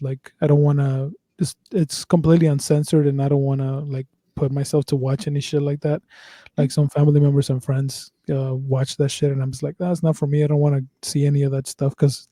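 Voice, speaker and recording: Rambling man with a dark voice. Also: on the high side, dry recording. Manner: rambling, profane, full of fillers and restarts. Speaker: podcast host. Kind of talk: casual podcast chat.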